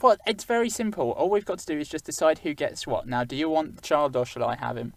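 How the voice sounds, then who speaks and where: Male panelist, deadpan-dramatic improv, grand pronouncements. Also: fairly high pitch, fast, vocal fry. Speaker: comedy panelist. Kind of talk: improv comedy.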